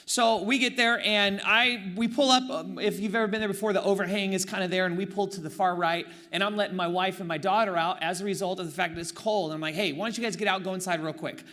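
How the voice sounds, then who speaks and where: Bright-voiced young man telling a sermon story. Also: high voice, quick pace, few pauses. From East Bay of San Francisco, Oakland. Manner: animated, self-mocking storyteller with sarcastic asides. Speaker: pastor.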